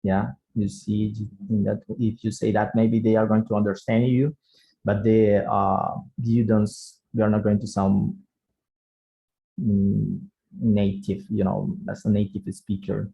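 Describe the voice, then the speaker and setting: Slow, gravelly male English teacher. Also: on the low side, level tone, dark tone, dull audio. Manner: unhurried, frequent "yeah?" checks, second-language English. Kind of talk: slow online grammar lesson.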